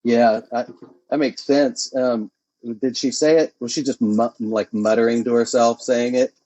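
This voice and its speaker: Dark-voiced man, dry lo-fi sound. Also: mid-range voice, steady tone, unhurried, no echo. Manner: earnest, asks questions, mock-explanatory. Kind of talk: deadpan improvised comedy chat.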